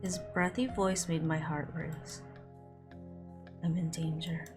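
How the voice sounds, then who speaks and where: A woman streaming a visual novel, reading its narration aloud and breaking off for quick reactions, with music under her voice. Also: sits low, steady tone. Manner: reads narration with quick asides. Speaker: game streamer.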